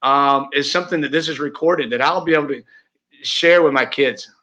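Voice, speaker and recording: A real estate team leader, guesting on a casual interview, speaks at a moderate pace with a medium-pitched voice that sounds bright and forceful. His heartfelt remarks wander, with frequent fillers and restarts. The audio quality is dull and lo-fi.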